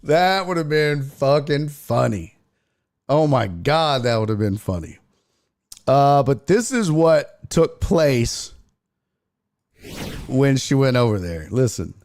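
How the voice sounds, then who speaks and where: A man's voice: medium pitch, takes it slowly, pauses often. A man hosting a casual sports talk stream, swearing freely and reading viewer chat aloud. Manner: profane, animated, reads chat aloud. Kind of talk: casual livestream commentary.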